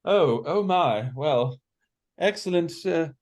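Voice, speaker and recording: Man voicing a posh young bard, raised pitch, flustered, stammering. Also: lively intonation, slow pace, darkish tone.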